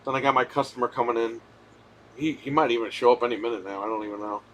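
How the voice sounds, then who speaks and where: A man chatting casually on a live stream, telling a profane, animated story. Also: mid-range voice, quick pace, a little hiss or hum.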